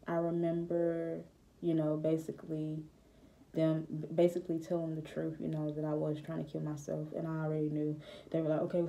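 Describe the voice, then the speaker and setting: Low, flat, very dark-voiced young woman. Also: vocal fry. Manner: hesitant, reflective, many fillers. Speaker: vlogger. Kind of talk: personal testimony to camera.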